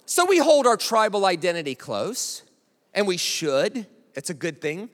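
American man, pastor, high voice, conversational sermon, reverberant hall. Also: a little slow. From United States. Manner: conversational, animated, keeps asking "right?".

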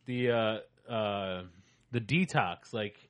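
A man's voice: on the low side, slow. A man in casual podcast chat who rambles, searching for words with many fillers and restarts.

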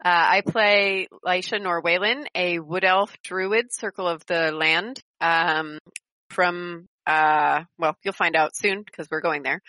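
A woman's voice: lowish voice, takes it slowly, pushed and bright, dry recording, poor audio. A woman introducing her character hesitantly, with many fillers. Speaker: player. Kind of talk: casual chat.

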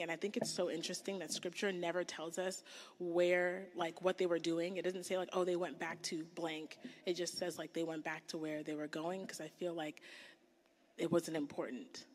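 A woman in her thirties with a lowish voice preaches a relaxed, chatty sermon. She often sinks to a near-whisper to make a point. Her voice carries a long hall reverb, like a large room with an audience. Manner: casual and chatty, heavy use of "like", drops to a hushed whisper for emphasis. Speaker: speaker preaching to a church audience. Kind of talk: conversational sermon.

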